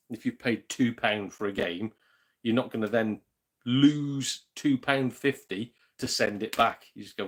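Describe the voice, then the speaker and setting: A man's voice: on the low side, steady tone, normal speed, fairly bright tone. A man with a British accent hosting a gaming channel, chatting casually on a livestream and reading out viewer comments, joking, laughing often and swearing mildly. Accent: British English.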